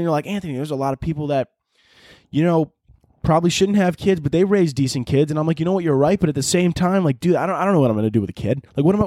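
A man's voice: mid-range voice, no room sound, clean studio sound. A young man hosting a casual podcast, ranting in a profane, rambling way and acting out imagined conversations. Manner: profane, animated, rambling, acts out imagined dialogue. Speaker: podcast host. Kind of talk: casual comedic podcast rant.

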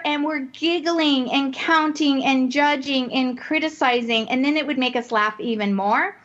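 A woman co-hosting a casual Christian women's talk show, telling stories in an animated way and laughing often. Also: high voice, a little slow, hardly any pauses. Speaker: podcast co-host. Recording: dull lo-fi audio.

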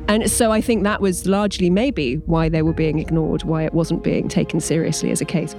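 An English woman being interviewed as an actor guest, chatting in a lively way and acting out quoted lines. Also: on the low side, moderate pace, music in the background. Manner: lively, acts out quoted dialogue. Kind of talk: interview chat.

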